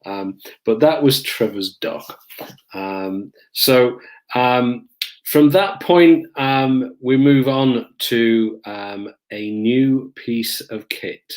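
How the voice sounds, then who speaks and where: A man's voice: mid-range voice, drawn-out words. A middle-aged man, casually recounting police stories to camera with frequent ums. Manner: relaxed, hesitant with frequent ums, acts out voices in stories. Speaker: police officer recounting his career.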